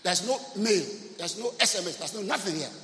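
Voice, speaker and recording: A man's voice: high-pitched, lively intonation, fairly quick, bright, forceful tone. A man preaching a sermon as pastor, emphatic and often asking the congregation if they are listening. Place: church service. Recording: echoey hall, faint ambience.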